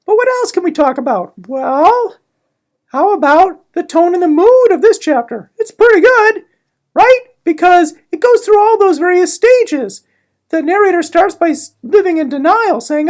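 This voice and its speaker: High-voiced, sarcastic woman explaining a book chapter. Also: lively intonation, a little mellow. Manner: sarcastic, playful, quick asides. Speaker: literature explainer. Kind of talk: casual chapter summary lesson.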